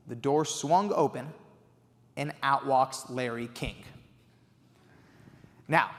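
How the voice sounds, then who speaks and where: A young man giving a keynote speech, telling an animated story with excited quoted outbursts. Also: a little high. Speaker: keynote speaker. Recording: reverberant hall.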